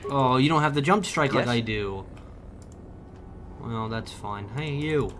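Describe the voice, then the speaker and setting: A young man livestreaming a game, bantering loudly and profanely with his chat and joking around. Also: mid-range voice, moderate pace, hardly any pauses, slight background noise. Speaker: streamer. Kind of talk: casual livestream chat while gaming.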